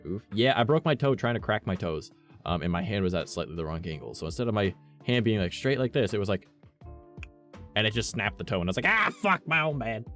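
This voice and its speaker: A man's voice: on the low side, animated, fast, soft background music. A man streaming and chatting casually with his viewers, rambling and cursing often, with lots of "like" in his talk. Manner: rambling, swears often, heavy use of "like". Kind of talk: casual chat with a live stream audience.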